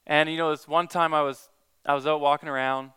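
Bright, clear-voiced man telling a story. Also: fairly high pitch, flat delivery, fairly quick. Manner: earnest storytelling with many restarts. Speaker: Christian evangelist. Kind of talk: casual testimony talk.

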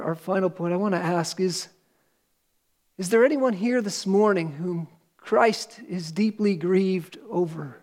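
In a sermon to his flock, a pastor speaks with earnest emphasis and slow, heavy pauses. His male voice is high-pitched with a slightly mellow quality.

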